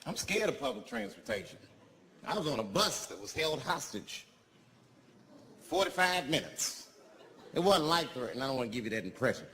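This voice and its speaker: Profane, animated stand-up comedian. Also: male voice, a little high, brisk, creaky, pauses often. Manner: profane, conversational, swinging between mutters and outbursts. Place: live comedy venue. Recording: live stage mic, crowd noise. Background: audience laughter and noise.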